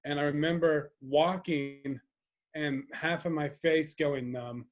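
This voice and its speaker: A man's voice: a little high, fairly even intonation, slow. A young man co-hosting a podcast in laid-back casual chat, with lots of ums and easy laughs. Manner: laid-back, filler-heavy, laughs along. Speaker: podcast co-host.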